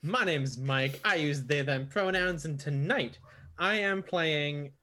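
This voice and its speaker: A tired man player introducing himself in slow, laid-back casual chat. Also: a little high, bright, forceful tone.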